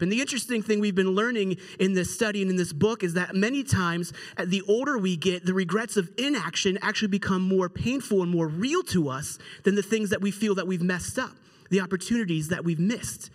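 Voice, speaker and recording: A middle-aged man preaching a sermon as a pastor, telling a story in an animated, conversational way and acting out the quotes. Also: high voice, fairly quick.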